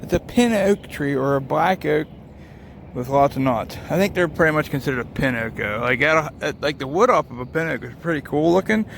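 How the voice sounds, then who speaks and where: Gravelly swearing trucker walking outdoors. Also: male voice, a little high, animated, fairly quick, fairly bright tone, a little hiss or hum. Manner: rambling, swears constantly, wandering thoughts. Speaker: truck driver vlogger. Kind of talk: casual walking vlog. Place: outdoors at a lakeside rest area. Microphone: handheld phone.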